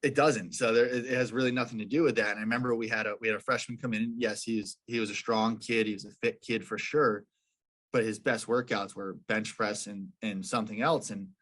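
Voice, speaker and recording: A man's voice: lowish voice, fairly bright tone. A young man, a professional lacrosse player, telling stories as a guest in a casual podcast interview, with many fillers and restarts.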